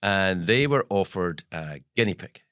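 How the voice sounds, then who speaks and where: Scottish host, 60s, Glasgow accent, animated raconteur, dry studio close-up. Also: male voice, a little slow, dry recording. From Scotland. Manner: animated storyteller, jumps pitch for emphasis. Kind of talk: casual chat.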